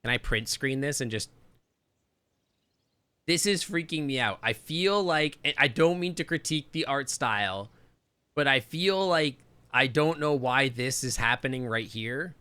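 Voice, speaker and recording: A man with a Canadian accent chatting loosely through a live game stream, rambling and thinking out loud. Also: mid-range voice, expressive, a little slow, clean tone.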